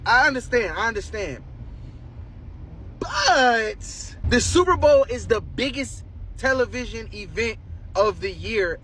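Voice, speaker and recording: Man, slow pace, bright tone, emphatic lecturing manner. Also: high voice, slight background noise, low-quality recording. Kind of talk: casual opinion video.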